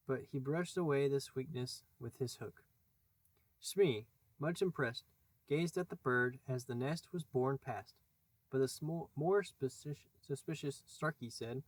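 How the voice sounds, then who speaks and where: A man narrating a classic children's novel in a measured storytelling voice. His pitch sits in the middle range, and the recording is dry and close, with no room echo. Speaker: audiobook narrator. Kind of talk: scripted narration.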